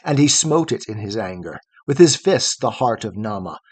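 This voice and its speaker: A man narrating a long poem in a steady, rhythmic recitation. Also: on the low side, normal speed, husky, no room sound. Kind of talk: poetry reading.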